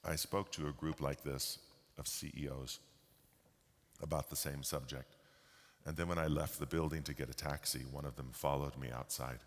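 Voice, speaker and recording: A man giving a slow, deliberate storytelling keynote talk at a conference. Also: rumbling low, fairly even intonation. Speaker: keynote speaker. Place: large conference hall. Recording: long hall reverb.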